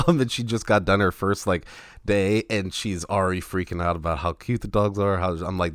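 A young man with a low-pitched voice talks casually, rambling and filling his sentences with "like." The sound is dry and close, with no room echo. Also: steady tone, normal speed, fairly bright tone, smooth. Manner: rambling, lots of "like" fillers. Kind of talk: casual chat.

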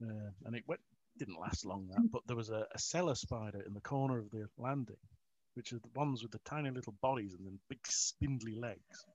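A man's voice: lowish voice, brisk, a little mellow, no echo. A middle-aged man in a casual chat, rambling with restarts, self-mocking and often chuckling. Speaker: interview guest. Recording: dull lo-fi recording.

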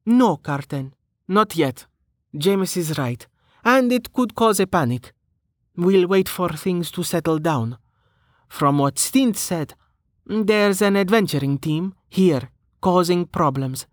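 A man voicing a brisk, practical young woman adventurer in an audiobook reading, his voice raised higher for her. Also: expressive, no echo, clean studio sound.

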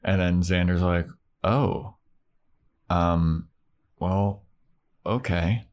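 Casual crude man recapping a show. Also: sits low. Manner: animated retelling with crude jokes, puts on quick character voices. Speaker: podcast co-host recapping a TV episode. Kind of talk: casual chat.

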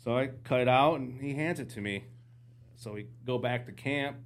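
Here a man of medium pitch, speaking at a moderate pace, tells hunting stories as a podcast guest. His delivery is animated and easygoing, and he plays out the conversations himself.

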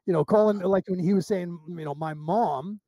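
An American man talks as a guest in a casual interview, telling long, winding stories with plenty of restarts. His voice sits high but has a soft, mellow tone. The sound is close and dry, with no room echo. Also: quick pace. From United States. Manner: rambling, animated anecdotes with restarts.

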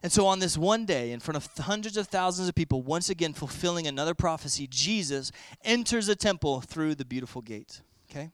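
A male preacher with a high, ringing, smooth voice delivers an expressive storytelling sermon. He pauses to explain word meanings as he teaches. The sound is close and dry, with no room echo.

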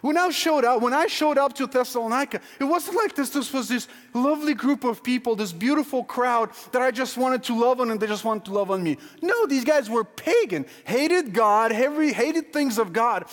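Male pastor, high voice, emphatic sermon delivery with big swings in loudness, church hall reverb. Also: expressive, normal speed, hardly any pauses. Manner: emphatic, questioning, rising to near-shouts then dropping low. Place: church sanctuary.

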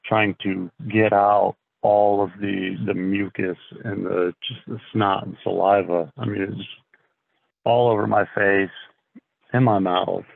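A low-voiced man with a gravelly edge speaks slowly and haltingly, clearing his throat often between phrases. His voice comes through thin and phone-like, with a dry, close sound. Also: fairly even intonation, no room sound. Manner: slow, halting, frequent throat clearing and fillers. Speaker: podcast guest. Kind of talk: casual storytelling.

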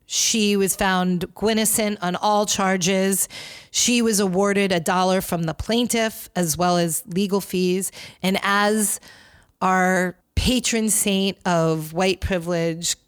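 A woman from New York hosts her own podcast, chatting alone in a gossipy, sarcastic way. Her voice sits in a middling pitch, and her talk is loose and full of fillers. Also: fairly even intonation, takes it slowly, clear, resonant tone, dry recording, clean studio sound. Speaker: podcast host. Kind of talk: casual solo podcast commentary.

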